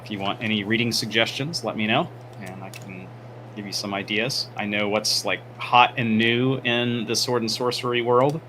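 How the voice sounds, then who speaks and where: A man's voice: on the low side, background noise. A man introducing himself as a player on a game stream, rambling with many fillers. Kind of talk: casual self-introduction.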